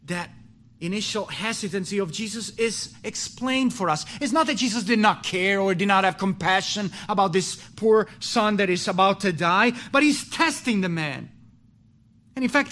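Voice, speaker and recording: A man preaching a sermon with passion, rising to loud pleading and dropping to low, quiet stretches, often restarting his words. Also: animated, normal speed. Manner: impassioned, swings from pleading loud to low and hushed.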